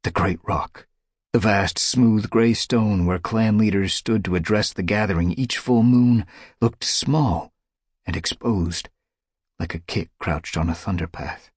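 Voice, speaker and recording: Deep husky male audiobook narrator. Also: no room sound, clean studio sound. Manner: dramatic, measured storytelling. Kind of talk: scripted narration.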